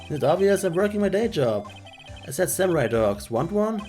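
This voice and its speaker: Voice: medium pitch, big pitch swings, fairly quick, a little mellow, faint music behind, voice pushed up, close to an everyday voice. A streamer voicing a goofy young man who boasts cheerfully, reading game dialogue aloud.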